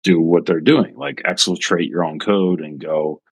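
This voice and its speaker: A man with a very low voice co-hosts a casual tech podcast. He builds his points thoughtfully with many restarts. His voice sounds dry, with no room echo. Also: animated, unhurried, gravelly, husky. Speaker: podcast co-host.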